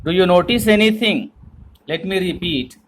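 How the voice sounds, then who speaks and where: A man teaching a German lesson in English, explaining slowly and repeating himself with frequent "okay"s. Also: high voice, slight background noise, rough recording. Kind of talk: language lesson.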